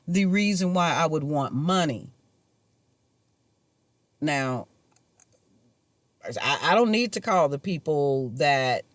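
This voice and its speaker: A man's voice: fairly high pitch, no room sound. A man talking to camera in a rambling personal monologue, casual and musing, chuckling to himself now and then. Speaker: vlogger.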